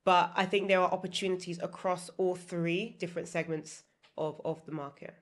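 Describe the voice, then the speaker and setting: A woman with a slightly low voice talks through property investing as a podcast guest. She lays out her points as lists and keeps tagging them with "right?" and "exactly". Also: fairly even intonation, normal speed. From United Kingdom. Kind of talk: podcast interview.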